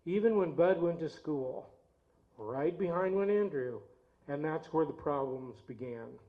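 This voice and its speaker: A man leading a church service, telling a homespun family story in a relaxed, chatty way. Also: a little high, unhurried. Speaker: lay service leader and storyteller. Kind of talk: folksy storytelling with guitar songs. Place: church sanctuary. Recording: dull lo-fi recording with loud guitar. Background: guitar playing.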